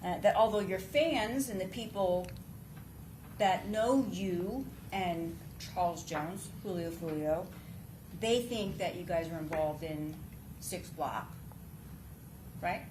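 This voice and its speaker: A woman's voice: on the low side, takes it slowly, noisy background. A woman defense attorney cross-examining a witness in a courtroom, pressing with pointed leading questions.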